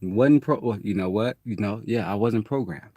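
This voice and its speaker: A man rambles through a casual spiritual monologue and swears freely. His voice sits a little low. The sound is dry and close, with no room around it. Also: moderate pace, warm tone, dry recording. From Detroit, USA. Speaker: host.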